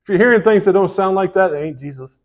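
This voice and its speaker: Folksy pastor, fairly high voice. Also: male voice, expressive, fast talker. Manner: conversational, folksy, with asides and restarts. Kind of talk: sermon.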